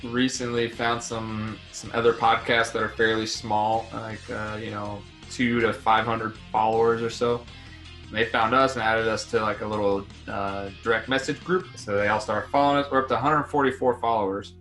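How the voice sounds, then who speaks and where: A man's voice: fairly low pitch, moderate pace, soft background music. A man hosting a podcast, chatting casually and rambling with fillers about the show. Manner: relaxed, rambling, many fillers. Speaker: podcast host. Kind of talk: casual chat.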